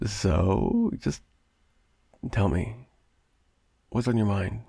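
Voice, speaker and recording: A man's voice: lowish voice, lively intonation, very slow, gravelly, warm tone, husky, no room sound, studio quality, heavily acted. A man playing a clingy obsessive roommate. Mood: fond, coaxing. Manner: rambling, stammering, nervous laughs. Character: clingy obsessive young male roommate, possessive. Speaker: audio roleplay performer. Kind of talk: improvised audio roleplay.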